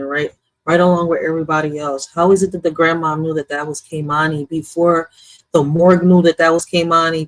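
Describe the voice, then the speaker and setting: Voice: medium pitch, low-quality recording. A true crime commentator speaking bluntly and with profanity, addressing viewers directly in casual reaction commentary.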